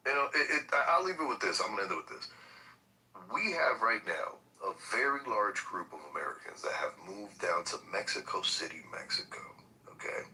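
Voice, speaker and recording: A man's voice: on the low side, sing-song, fairly quick, sharp tone, far from the mic, slight background noise, rough recording. A man hosting a political talk podcast, ranting in a heated, profane and emphatic way. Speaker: podcast host.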